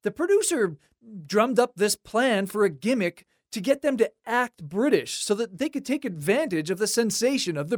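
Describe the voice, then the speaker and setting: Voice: mid-range voice, no echo. A host narrating music history in a scripted, conversational way with light wry asides, recorded close and dry.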